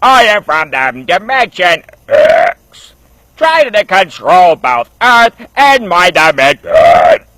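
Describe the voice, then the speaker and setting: A man voicing a power-hungry alien warlord who shouts high, loud proclamations. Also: wildly swooping pitch, slow pace, no echo, exaggerated voice. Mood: ranting.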